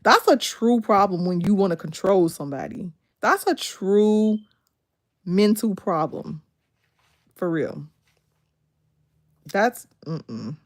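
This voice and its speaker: Animated woman chatting on a livestream. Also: mid-range voice, slow, pauses often. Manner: animated, laughs often, talks back to the screen. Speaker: livestream host. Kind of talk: casual livestream chat. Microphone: phone.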